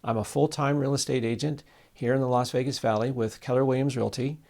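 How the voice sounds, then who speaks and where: Man in his sixties, gravelly, mid-pitched, folksy storyteller, lots of fillers, talking to camera. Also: fairly even intonation, a little fast, darkish tone. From Southern Nevada. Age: 60s. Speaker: real estate agent. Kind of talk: direct-to-camera talk with anecdote.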